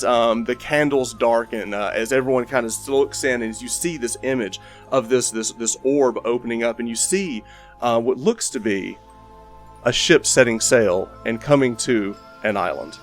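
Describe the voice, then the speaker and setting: A man's voice: medium pitch, normal speed, a bit bright, soft background music. A man narrating as game master of a tabletop game, rambling with frequent restarts.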